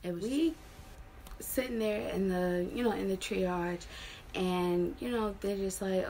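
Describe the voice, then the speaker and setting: A woman's voice: medium pitch, unhurried, dark tone, a little hiss or hum. A woman in her twenties from Maryland, telling a personal story casually and frankly, with lots of fillers. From Maryland, USA. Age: 20s. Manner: frank, chatty retelling with many fillers. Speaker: vlogger.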